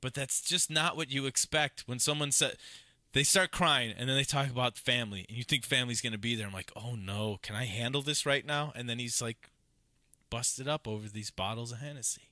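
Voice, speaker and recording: A man's voice: mid-range voice, fairly quick, bright, forceful tone, no echo, studio quality. A man from Illinois, a podcast co-host, casually telling rambling rideshare stories and acting out what people said. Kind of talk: casual chat, storytelling.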